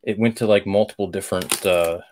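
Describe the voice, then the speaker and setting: A man's voice: deep voice, steady tone, a little fast, darkish tone, a little hiss or hum. A man co-hosting a casual podcast, telling his news in an easygoing way. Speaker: podcast co-host. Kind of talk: casual chat.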